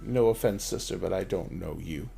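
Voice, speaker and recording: A man voicing an old grandfather who speaks slowly, low and hushed, calm and firm. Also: creaky, soft background music, exaggerated voice. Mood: steady.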